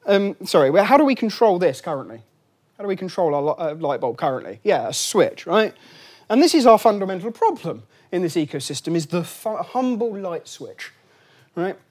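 A man's voice: sits high, very animated, normal speed, darkish tone. Chatty man giving a lecture. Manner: chatty, many fillers and restarts, wry asides. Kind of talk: lunchtime lecture. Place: lecture room.

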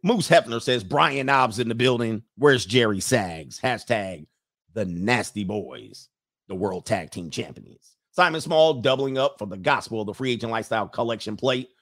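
A man's voice: on the low side, animated, normal speed, fairly bright tone. A man hosting a livestream in casual chat, reading viewer comments aloud, rambling and chuckling as he loses his train of thought.

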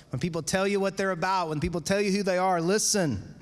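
A male pastor delivers a sermon in a loose, conversational way, dropping casual asides to the congregation. His voice sits a little high for a man. The sound carries the long reverb of a church sanctuary through a stage microphone. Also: fast. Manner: conversational, animated preaching with asides.

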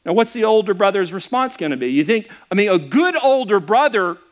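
A middle-aged man with a high voice preaches a sermon as a pastor. He talks in a loose, conversational way, stumbling and restarting as he goes. He acts out the people in his story with lively, animated delivery. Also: fairly quick. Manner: animated storytelling with acted-out quotes.

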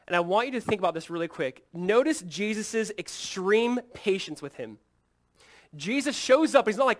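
Pastor guy preaching, fairly high voice, goes quiet then punches it up loud. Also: fairly quick. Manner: earnest, swings from hushed to loud and emphatic; acts out quoted lines in a lively, casual way. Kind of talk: sermon.

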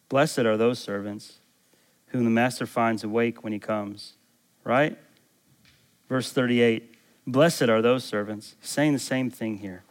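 Emphatic man preaching a sermon. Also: mid-range voice. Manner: emphatic, rising to excited exclamations; reads scripture aloud and asks the listeners questions. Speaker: pastor.

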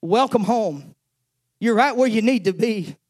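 A man's voice: high voice, measured pace, a little mellow. A man preaching a sermon as pastor, openly emotional, often stumbling over and repeating words as he presses his point.

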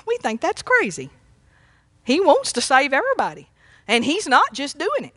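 A woman preaches in a high, bright voice. She speaks fervently and folksily, often calling out praise, and at times rises to a near shout. The sound is dry and close. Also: huge pitch swings, moderate pace, no room sound. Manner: rises to shouting when quoting cries for mercy. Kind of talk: sermon.

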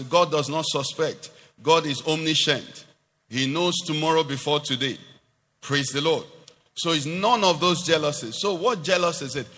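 A man's voice: a little high, bright, forceful tone, in a large hall. A man preaching a sermon to a congregation, asking questions and rising into emphatic declarations.

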